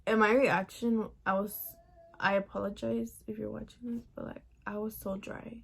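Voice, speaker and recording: Young woman vlogger, gravelly fry, chatty swearing storytime, mid-pitched. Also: level tone, moderate pace. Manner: chatty, profane, heavy use of "like". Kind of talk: casual storytime vlog.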